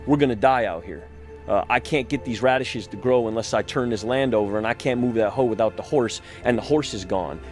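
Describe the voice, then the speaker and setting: A man's voice: medium pitch, soft background music, lightly acted. A man voicing a panicky young male radish farmer in a spoken story, blurting his words out in a rush. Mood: alarmed, overjoyed. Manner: excited, rushed outbursts.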